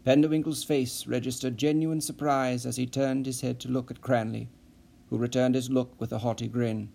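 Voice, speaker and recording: Mellow-voiced male audiobook narrator. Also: medium pitch, level tone, moderate pace, creaky. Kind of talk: scripted narration.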